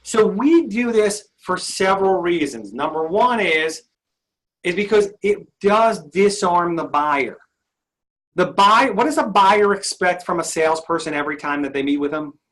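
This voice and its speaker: A man's voice: sits high, animated, a little slow, fairly bright tone. A male sales trainer leading an interactive session, upbeat and often asking his audience questions.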